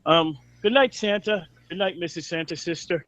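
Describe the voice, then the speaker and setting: A man on a casual podcast panel, speaking in a quiet, offhand way. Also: high-pitched, fairly quick. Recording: distant, dry, muffled lo-fi mic.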